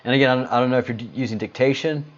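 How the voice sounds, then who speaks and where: A man hosts a casual livestream, welcoming viewers and responding to chat comments in a rambling, hesitant way packed with fillers. His mid-range voice keeps a steady tone and moves very fast, and the audio sounds dull.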